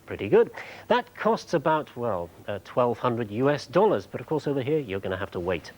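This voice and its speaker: A man presenting a TV show, explaining technology clearly with a light humorous touch in a studio. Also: medium pitch, very animated, moderate pace, a little mellow, rough recording.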